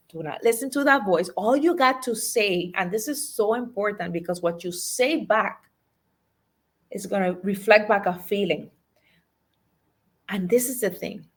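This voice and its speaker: Woman coach, motivational delivery, leans on repetition and direct questions to listeners. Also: medium pitch. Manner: emphatic, repeats key phrases, asks the audience questions. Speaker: life and business coach.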